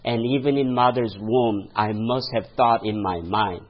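A man's voice: fairly low pitch, measured pace, lo-fi sound. A male pastor preaching a sermon, telling a story and laughing at his own stories, calling out to the congregation for a response. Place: church.

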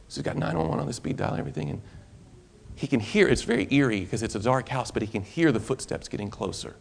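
A man preaching a sermon, telling a story in an animated, conversational way that is full of restarts. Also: mid-range voice, quick pace, gravelly, a little hiss or hum.

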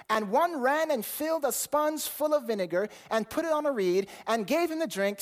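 A man's voice: very high-pitched, lively intonation, moderate pace, few pauses. A man preaching a sermon, reading scripture aloud in King James wording, stumbling over repeated words as he builds his points and putting questions to the listeners. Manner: asks the audience questions.

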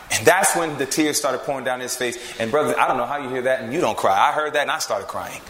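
Male preacher, emphatic, lively pitch swings, bright ringing tone, roomy sound. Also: fast talker, slight background noise. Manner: emphatic, swings from loud to hushed. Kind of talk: sermon.

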